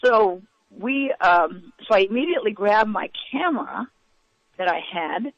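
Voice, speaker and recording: A woman recounting events as an interview guest, in a halting way with many fillers and restarts. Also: medium pitch, expressive, no room sound. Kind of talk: eyewitness account in a radio interview. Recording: dull, lo-fi radio audio.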